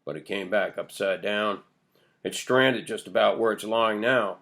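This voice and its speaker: A man's voice: fairly low pitch, a little slow, fairly bright tone. A man reading an old villager's first-person tale of his boyhood, told in earnest storytelling. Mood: wistful. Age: older. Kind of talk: audiobook character voice.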